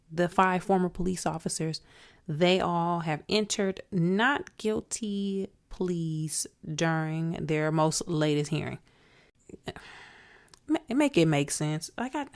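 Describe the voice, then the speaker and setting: Outspoken woman podcast host, lowish voice. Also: vocal fry, a little mellow. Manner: outspoken, emphatic, addresses listeners directly. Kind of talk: solo commentary podcast.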